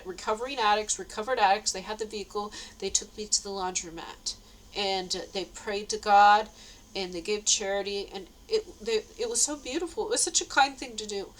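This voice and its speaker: A woman's voice: mid-range voice, a bit bright, slight background noise, poor audio. A woman telling a rambling story in a casual vlog, with frequent nervous laughs. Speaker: vlogger.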